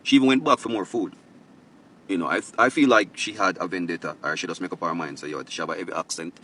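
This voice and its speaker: Fast, deep Jamaican man off-mic. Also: sharp tone, far from the mic, a little hiss or hum. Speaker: co-host. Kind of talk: news commentary chat.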